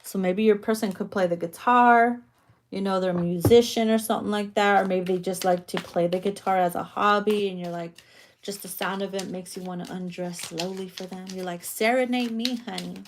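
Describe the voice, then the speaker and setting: A woman's voice: mid-range voice, a little hiss or hum. A woman doing a tarot reading in a casual, bawdy, playful way, laughing often and tossing in slangy asides. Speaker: tarot reader.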